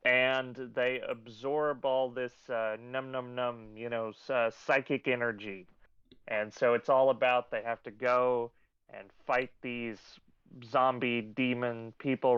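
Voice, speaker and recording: A man co-hosting a film podcast, explaining plots in an unhurried way, thinking aloud with lots of fillers. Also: mid-range voice, level tone, a bit bright, clear, resonant tone, no room sound, dull audio. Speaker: podcast co-host. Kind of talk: casual film review chat.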